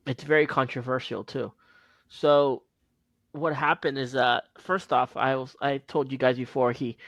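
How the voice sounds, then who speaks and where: A man hosting a podcast, chatting casually and recounting a story in a halting, rambling way. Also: mid-range voice, no room sound. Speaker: podcast host. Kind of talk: casual chat.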